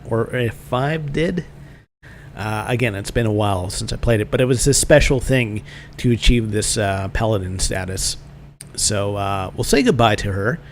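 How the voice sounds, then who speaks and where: A man talks casually through a video game playthrough, rambling and hesitant with many fillers. His voice sits at an ordinary middle pitch. A faint ambient hum runs underneath. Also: vocal fry. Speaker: gaming channel host. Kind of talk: casual let's-play commentary.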